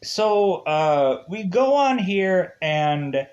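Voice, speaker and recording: A man's voice: high-pitched, very animated, very slow, darkish tone, dull audio. A man with an Upper Midwest accent giving a casual, rambling review of a TV episode, full of fillers and chuckles.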